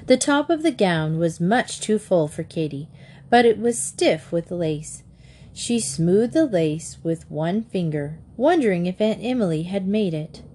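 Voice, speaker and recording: A woman reading a children's book aloud in a gentle, expressive narration. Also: lowish voice, slightly rough. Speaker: audiobook narrator.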